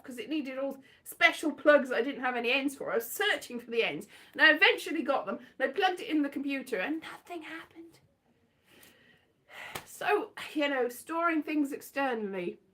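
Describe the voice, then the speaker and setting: A woman's voice: high voice, bright, forceful tone. A woman vlogging into her phone at home, chatting in a rambling, scatterbrained, self-mocking way. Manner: chatty, scatterbrained, self-mocking, breaks into silly sung lines. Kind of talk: rambling casual chat with sung bits. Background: keyboard music.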